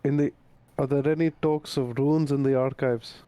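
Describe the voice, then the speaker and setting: A man playing a tabletop game, talking in a halting way and tripping over his words. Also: mid-range voice, steady tone, warm tone, smooth, no echo. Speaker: player.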